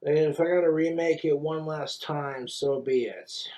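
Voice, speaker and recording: A man's voice: a little high, steady tone, a little slow, mellow, low-quality recording. A man talking casually to the camera while he cooks, frustrated with himself, scolding himself and swearing a lot. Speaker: cooking vlogger. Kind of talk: casual cooking vlog.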